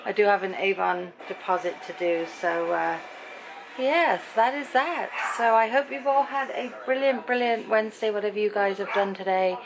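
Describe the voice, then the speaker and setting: Middle-aged woman, home vlogger, chatty and rambling, mid-pitched voice, faint background hiss. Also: steady tone, moderate pace, creaky. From Britain. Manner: chatty, rambling storyteller acting out quoted voices. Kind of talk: casual chatty vlog.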